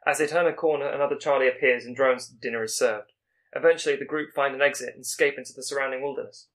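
A man at a middle pitch summarizes a story's plot at a quick clip. He stumbles now and then, restarts the phrase, and keeps pushing the recap forward. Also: fairly even intonation, a bit bright.

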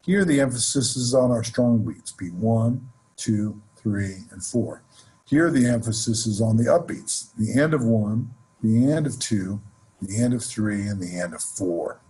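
A man teaching a jazz lesson, explaining scales in a relaxed way and counting off examples. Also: on the low side, unhurried, breathy edge. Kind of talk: instructional lesson with playing examples.

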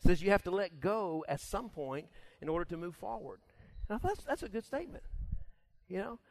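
A middle-aged man preaching a casual sermon as pastor, folksy and quick to laugh, acting out little voices. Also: sits high, vocal fry. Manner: laughs often, folksy and animated, acts out voices.

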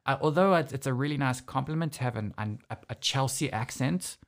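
A man's voice: medium pitch, brisk. A man with a South African accent hosting a studio interview, chatting in a rambling way and often correcting himself. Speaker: host.

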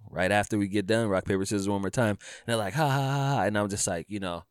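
A man talking casually on a podcast about his photography work, telling animated stories and acting out dialogue. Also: lowish voice, fast, clear, resonant tone, dry recording, clean studio sound. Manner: animated storyteller, acts out dialogue, says dude and bro.

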